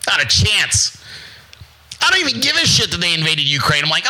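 Bright, aggressive, profane man in his forties. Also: high voice, very animated, brisk, low-quality recording. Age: 40s. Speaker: livestream host. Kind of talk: casual ranting monologue.

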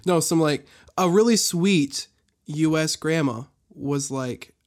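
A man's voice: on the high side, slow pace. A man co-hosting a podcast, chatting casually and playfully while reading out a news article. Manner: rambling, playful, laughs often. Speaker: podcast co-host.

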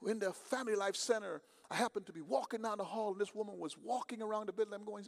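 A man preaching a sermon in a conversational way, swinging from quiet storytelling to loud emphasis. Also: high voice, fast, vocal fry, hardly any pauses. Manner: conversational, swings from quiet to shouting, acts out dialogues. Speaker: pastor.

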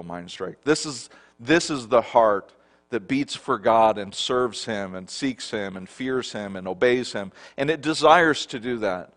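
A middle-aged man preaches a sermon as a pastor, moving between soft, low passages and loud, emphatic declarations. He repeatedly puts questions to the congregation.

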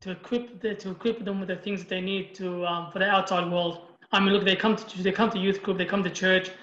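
Fast, high-voiced passionate man. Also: flat delivery, a bit bright, echoey room, dull audio. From Iraq. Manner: passionate, emphatic, quotes himself with "I go". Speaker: guest, youth group leader. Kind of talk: casual interview storytelling.

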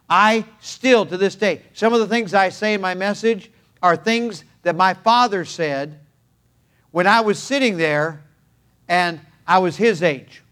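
Older man preaching emphatically, high voice. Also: fairly bright tone. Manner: emphatic, repetitive preaching cadence. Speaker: pastor. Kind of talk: sermon.

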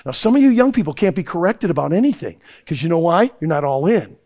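A man preaching a sermon to young people, hammering his points through emphatic repetition and storytelling. His voice sits fairly high, carries a gravelly texture and swings widely in pitch. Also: sing-song, fast, darkish tone.

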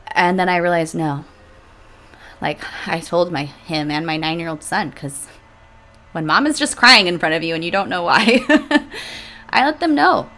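A woman in her thirties speaks candidly on her own podcast, reflective and emotional, sighing and letting small laughs slip through. Her voice sits on the lower side. A faint outdoor noise hangs behind her as she talks from a room at home. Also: a little slow, long pauses, pushed and bright. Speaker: podcast host. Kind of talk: personal podcast monologue. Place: home room with leaf blower outside.

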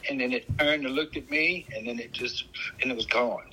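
A middle-aged man from Louisiana with a Louisiana accent, co-hosting a podcast and telling stories in a folksy, animated way. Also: medium pitch, slight background noise, rough recording. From Louisiana, USA. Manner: animated, folksy storyteller with drawn-out emphasis. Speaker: podcast co-host. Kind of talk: casual chat, storytelling.

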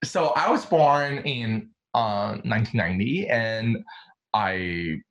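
A man in his thirties from China, telling his life story in a casual interview, talking in an animated, chatty way with lots of fillers. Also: lowish voice, slow pace, low-quality recording. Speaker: interview guest, designer.

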